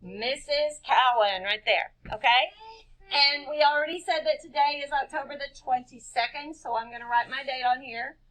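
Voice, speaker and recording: A woman's voice: high-pitched, moderate pace, fairly bright tone. A woman teaching young children a writing lesson, patiently spelling words letter by letter and asking questions she answers herself. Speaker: kindergarten-level teacher.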